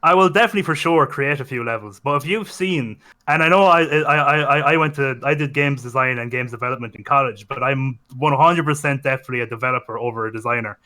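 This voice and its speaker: A man's voice: medium pitch, quick pace, hardly any pauses, pushed and bright. A young man in casual podcast chat, rambling and correcting himself, enthusiastic about games. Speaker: podcast co-host.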